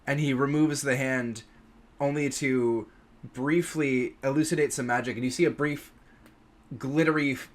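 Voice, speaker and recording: A man's voice: medium pitch, fairly even intonation, normal speed. A man narrating a tabletop game as game master, loose and descriptive.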